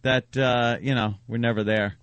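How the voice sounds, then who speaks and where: A man's voice: mid-range voice, fairly even intonation, normal speed, a bit bright, no room sound, dull audio. A man hosting a radio show, chatting casually and rambling with many restarts, speaking into a studio microphone. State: has the hiccups.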